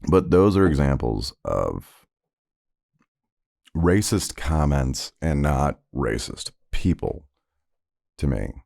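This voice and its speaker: Podcast guy telling stories, deep gravelly voice, loose and chatty with lots of likes and ums. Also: lively intonation, slow, pauses often, darkish tone. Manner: conversational, rambling with many fillers. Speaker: podcast host. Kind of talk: personal storytelling podcast.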